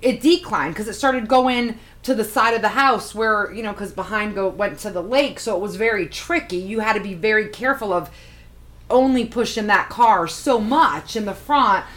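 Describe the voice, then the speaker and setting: Woman, mid pitch, casual podcast co-host, teasing, quick reactions, repeats herself. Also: fairly bright tone. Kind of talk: casual chat.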